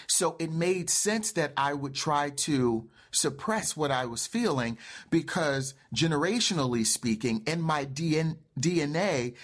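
Impassioned husky-voiced male life coach. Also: a little high. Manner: emphatic, rising to fervent outbursts. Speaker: life coach and show host. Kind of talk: impassioned monologue.

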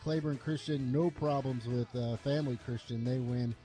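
A man over forty hosting a morning sports talk radio show, briskly reading scores and rundowns. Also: mid-range voice, fairly even intonation, mellow, soft background music.

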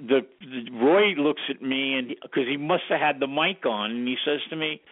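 An older man, a guest sound engineer, telling an animated anecdote and acting out the lines he quotes. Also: mid-range voice, normal speed, few pauses, no room sound. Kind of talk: storytelling anecdote. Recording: tinny phone line, dry.

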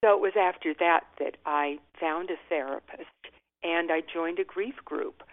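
An older woman talks candidly over a thin, tinny phone line. Her voice sits low, and her reflective answers are often broken by soft laughter. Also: moderate pace. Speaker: guest author. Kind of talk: interview. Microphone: telephone.

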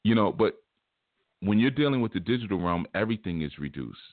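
Low-voiced streetwise man on a tinny line. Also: lively intonation, brisk, no room sound. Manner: laid-back, streetwise, repeats phrases, says "man" and "you know". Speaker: host of a spiritual teaching show. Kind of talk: casual livestream talk. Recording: tinny phone-like dry sound.

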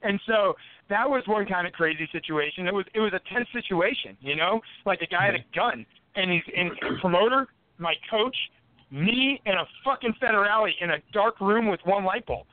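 A man's voice: high voice, animated, normal speed. A man telling his stories as a podcast guest, a boxer from the United States, swearing constantly and laughing between anecdotes. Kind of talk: casual storytelling on a podcast. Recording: tinny phone-like line, dry.

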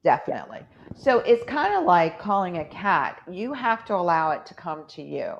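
A woman's voice: on the low side, sing-song, moderate pace, vocal fry, muffled recording, slight background noise. A woman hosting a podcast in casual chat, rambling through stories with acted-out quotes. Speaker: podcast host.

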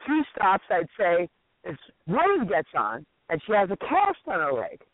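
Excitable storytelling man, high voice. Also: normal speed, dry recording. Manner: animated, profane, acts out quotes. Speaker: radio co-host. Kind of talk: casual storytelling chat. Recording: tinny phone-like radio audio.

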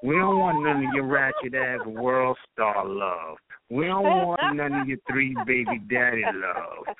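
A man's voice: mid-range voice, sing-song, unhurried, a loud crowd. A man from Brooklyn, rambling and swearing freely as a panelist in casual talk-show banter. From Brooklyn, New York. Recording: tinny dry phone-line sound.

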